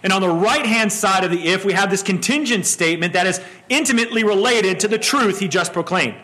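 A man's voice: sits high, fairly quick, pushed and bright. A middle-aged male pastor preaching an expository sermon, often repeating words as he starts a phrase and asking the congregation questions.

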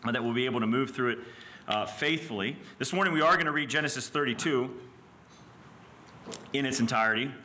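A man's voice: medium pitch, brisk, pauses often, sharp tone, a little hiss or hum. A male pastor preaching a sermon in a church, earnest and emphatic, pressing his points with rhetorical questions.

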